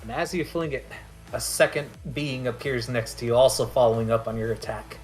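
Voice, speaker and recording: A man running a tabletop game as dungeon master, narrating in a relaxed, halting way with many fillers. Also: medium pitch, soft background music.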